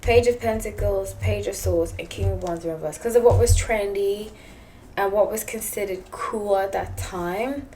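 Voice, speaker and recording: A woman's voice: mid-range voice, normal speed, mellow. A woman with a South African English accent, a tarot reader talking casually and rambling, with frequent laughter. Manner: chatty, rambling, laughs often. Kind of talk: casual tarot reading monologue.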